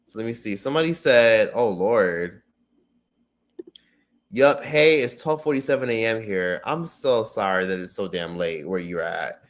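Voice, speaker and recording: A man hosting a casual livestream and reading viewer comments. He is profane and excitable, with loud outbursts that drop to low mutters. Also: moderate pace, few pauses. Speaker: livestream host.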